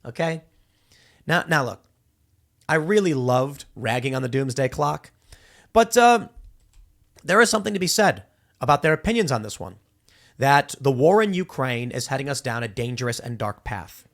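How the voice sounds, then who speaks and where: A man's voice: mid-range voice, normal speed, long pauses. Fired-up male political commentator. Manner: animated, acts out voices mid-story, frequent restarts.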